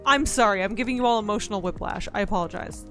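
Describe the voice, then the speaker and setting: A woman's voice: mid-range voice, fast talker, fairly bright tone, faint music behind. A woman streaming live, chatting in a playful, joking way and thanking her donors. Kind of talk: casual live-stream chat.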